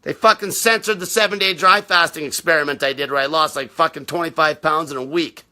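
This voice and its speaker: Fairly quick and swearing almost constantly, a man delivers an unscripted live-stream rant, fielding viewers' comments with blunt combativeness. His high, piercing voice sounds tense, bright and forceful, and his manner is aggressive and no-nonsense.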